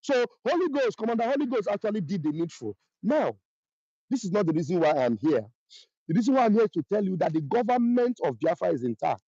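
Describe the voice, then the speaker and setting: A man's voice: sits high, sing-song, quick pace, warm tone, dry recording. Emphatic Nigerian man, lo-fi dry sound. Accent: Nigerian Igbo. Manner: emphatic and repetitive, voice rising sharply when accusing. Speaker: online channel host. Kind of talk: impassioned monologue.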